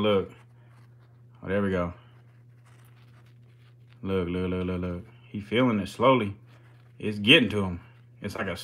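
A man's voice: on the low side, a bit bright. Slangy, profane male stream host. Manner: slangy, profane, hyped banter. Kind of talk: casual live-stream commentary.

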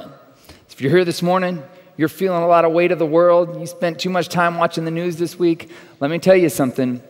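A man's voice: fairly high pitch, steady tone, brisk. A man from Texas preaching as a guest pastor, conversational and joking, telling stories from the pulpit. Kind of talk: sermon with humorous storytelling. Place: church sanctuary. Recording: reverberant church hall.

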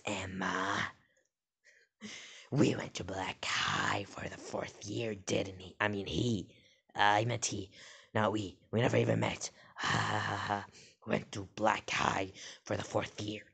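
A woman voicing a creepy male imposter in a whispered role-play, with an unsettling, breathy, flirting whisper. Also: rumbling low, flat delivery, slow, fairly bright tone, exaggerated voice.

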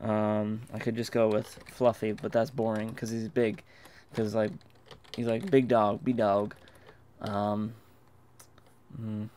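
A man's voice: on the low side, completely flat delivery, slow, pauses often, warm tone, slight background noise. A young man in casual game commentary, goofy and rambling, who keeps slipping into silly voices. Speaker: gaming commentator. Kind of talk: casual let's play commentary.

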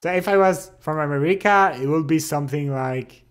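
A young French-accented man live streams from his home setup, chatting casually and reading comments in a smooth, rather high voice. He laughs often, teases playfully, and speaks English with pauses and restarts while soft music plays.

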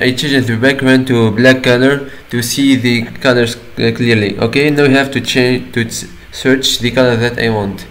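A man talks through a software tutorial at an easy, unhurried pace, his pitch sitting in a middling range. He explains each step plainly and drops an "okay" between steps. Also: rough recording. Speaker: tutorial maker. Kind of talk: screen-recording tutorial voice-over.

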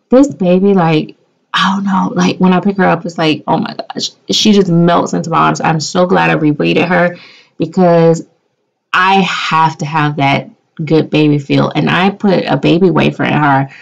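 Gravelly, slow-talking woman vlogger. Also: lowish voice. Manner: chatty, gushing, lots of fillers. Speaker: doll collector vlogger. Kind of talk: casual chat. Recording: dull lo-fi sound.

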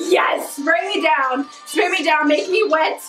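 Young woman, high voice, unhurried, excitable fan reaction, off-mic in an echoey room, music playing. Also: far from the mic. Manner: gushing, squealing, swears and laughs a lot.

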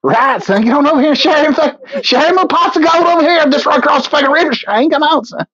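A man's voice: very high-pitched, lively intonation, fast talker, a bit bright, no room sound, voice pushed up. A man voicing a rowdy, rambling country man who slips into a put-on Irish accent, cursing and jeering in a muffled lo-fi recording. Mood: mocking, rowdy.

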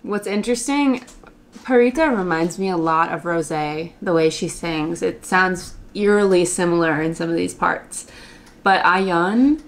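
A congested woman talks casually through a music reaction, eager and chatty, often groping for the right words. Her voice sits a little low for a woman. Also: a little slow. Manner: enthusiastic, chatty, searching for words. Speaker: reaction channel host.

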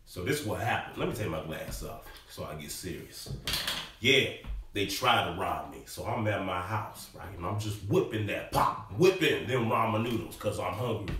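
Wildly animated comedian in echoey room. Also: male voice, lowish voice, normal speed. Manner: wildly animated, bursts of shouting and gun sound effects. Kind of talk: comic impression monologue. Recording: echoey room from a distance, noisy.

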